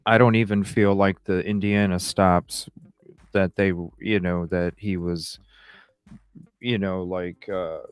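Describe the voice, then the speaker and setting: A man's voice: low-pitched, flat delivery, slow pace, clear, resonant tone, dry recording, faint music behind. A man hosting a podcast, talking in an easygoing, rambling way in casual discussion. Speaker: podcast host.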